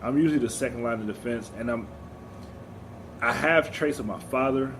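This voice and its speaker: A man's voice: mid-range voice, normal speed. A young man co-hosting a podcast, chatting in a laid-back way and acting out quotes. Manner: laid-back, laughs often, acts out quotes. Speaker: podcast co-host. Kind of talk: casual chat. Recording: background noise.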